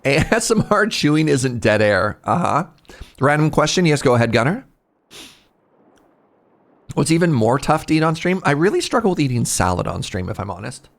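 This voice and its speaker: A male streamer in casual chat with his viewers, rambling and cutting himself off, with sudden animated outbursts. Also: on the high side, moderate pace, creaky.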